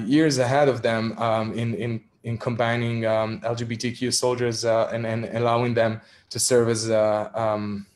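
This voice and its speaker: Here a mid-range Israeli voice belongs to an activist recounting something from his own life in a virtual talk. The video-call audio catches his candid, self-deprecating tone, with plenty of ums and gentle laughter.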